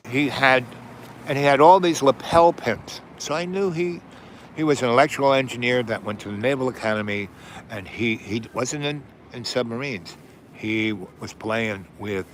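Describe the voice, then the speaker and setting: A man in his seventies hosts a livestream, spinning a rambling, digressive tale full of profanity and trailing asides. His voice sits at medium pitch, and a little hiss or hum runs under the recording.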